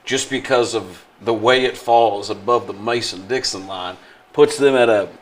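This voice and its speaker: A man's voice: on the low side, moderate pace. Sarcastic, rambling male radio co-host. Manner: sarcastic, rambling, laughs often. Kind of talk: casual studio banter.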